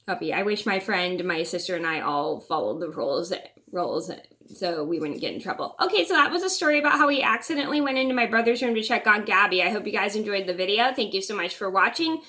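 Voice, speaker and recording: A woman's voice: medium pitch, lively intonation, quick pace, pushed and bright. A young woman vlogger telling a personal story in a casual, rambling way, often restarting and repeating words.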